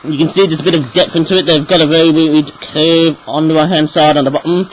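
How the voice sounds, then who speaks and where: A man's voice: a little high, steady tone, quick pace, a little hiss or hum, poor audio. Rambling man with a frog in his throat. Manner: rambling, throat-clearing, chatty. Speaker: toy reviewer. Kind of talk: casual video review.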